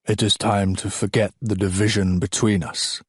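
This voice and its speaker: A man's voice: lowish voice, flat delivery, moderate pace, husky, dry recording, studio quality. A man narrating an audiobook, voicing a proud middle-aged king who speaks in a formal, stiff, subdued way. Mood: stiffly formal.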